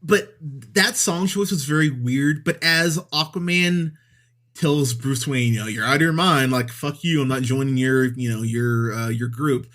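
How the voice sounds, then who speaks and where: A man's voice: mid-range voice, measured pace, fairly bright tone. A man co-hosting a movie review podcast, talking casually and profanely, often laughing mid-sentence. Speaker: podcast host.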